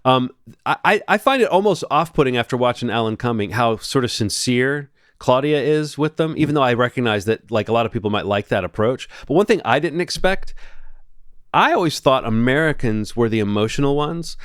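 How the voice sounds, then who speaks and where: A man's voice: medium pitch, animated, fairly quick, clear, resonant tone, dry recording, studio quality. A man co-hosting a movie podcast, chatting casually in long, rambling stretches. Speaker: podcast co-host. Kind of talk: casual chat.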